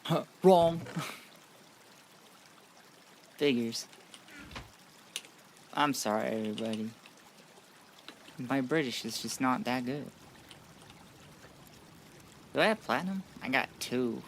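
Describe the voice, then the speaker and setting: A man streaming a modded game, chatting casually and self-deprecatingly, often muttering quietly to himself. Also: mid-range voice, takes it slowly, long pauses, slight background noise. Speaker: gaming streamer. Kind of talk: casual gaming commentary.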